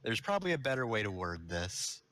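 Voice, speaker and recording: Lively dry-toned male player. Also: lowish voice, fairly quick. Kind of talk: casual tabletop play.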